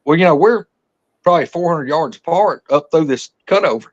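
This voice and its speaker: A man's voice: fairly high pitch, animated, a little fast, muffled recording. A man telling a hunting story as a podcast guest, folksy and rambling, often restarting his sentences. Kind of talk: casual storytelling.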